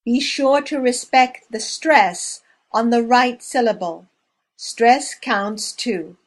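A woman leading a language lesson drill, speaking slowly and clearly and pausing between words. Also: a little high. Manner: clear, measured, spacing out each word. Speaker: language teacher. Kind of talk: slow, deliberate language drill.

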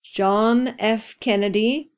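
A woman hosting an English-learning podcast, reading a scripted repeat-after-me drill with careful, deliberate enunciation. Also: on the high side, fairly even intonation. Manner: slow, carefully enunciated repetition. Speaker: ESL podcast teacher.

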